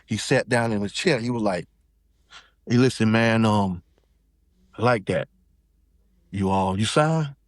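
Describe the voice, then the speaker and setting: A man's voice: lowish voice, measured pace, pauses often, dry recording. Guy telling a story, acts out the other people's voices, dry mic. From South Carolina. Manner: animated, acts out quotes in shifting voices. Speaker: podcast guest. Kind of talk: casual storytelling.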